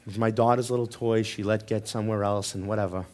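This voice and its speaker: A male pastor preaching a sermon in a church. He tells a personal story and swings between loud, urgent passages and hushed ones. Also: lowish voice, steady tone, fast talker.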